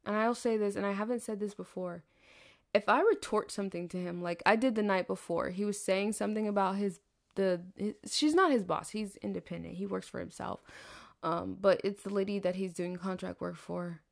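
A young Southern woman rambles through a personal story in casual monologue, cursing and laughing as she goes. Her voice carries a gravelly, fried edge. She trails off, restarts and drifts between asides. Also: mid-range voice, fairly even intonation, a little fast. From American South. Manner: chatty, profane, laughs often, trails off. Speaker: podcast host.

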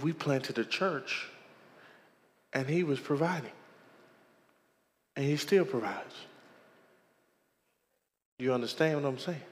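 A man's voice: on the high side, big-room sound. A man, preaching a sermon as a pastor and calling out to the congregation as he tells his story.

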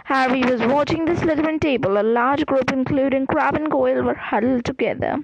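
A woman's voice: sits high, fairly quick, creaky, dull audio, noisy background. A woman narrating a storybook aloud, reading carefully and sometimes restarting a word. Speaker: audiobook reader.

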